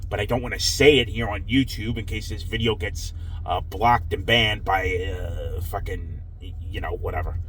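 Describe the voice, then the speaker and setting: A man's voice: on the low side, moderate pace, a bit bright, a little hiss or hum, poor audio. A man ranting after a hockey loss, swearing and sounding frustrated and dejected. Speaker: hockey fan vlogger. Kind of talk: angry post-game rant.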